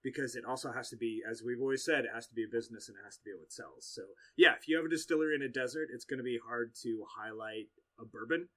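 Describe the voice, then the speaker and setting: A man's voice: medium pitch, fast talker, hardly any pauses, a bit bright. A man co-hosting a casual podcast chat, sarcastic and teasing, swearing freely. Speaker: podcast co-host.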